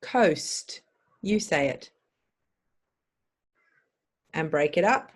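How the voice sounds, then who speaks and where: A woman's voice: fairly low pitch, lively intonation, takes it slowly. A woman teaching English pronunciation, spelling sounds out and prompting the listener to repeat them. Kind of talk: slow drilled pronunciation lesson.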